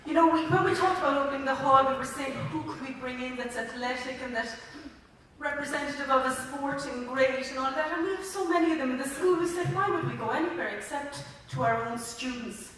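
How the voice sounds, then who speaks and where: A woman's voice: sits high, a little fast, fairly bright tone, recorded from a distance. Irish woman, school principal, heartfelt and chatty ceremony speech, very echoey hall with faint background noise. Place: large indoor sports hall.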